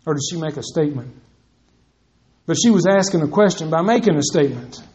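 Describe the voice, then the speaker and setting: A man's voice: a little high, expressive, a little fast, darkish tone, highs cut off. A male preacher giving a conversational sermon, reading scripture and addressing the men directly, acting out quotes as he goes.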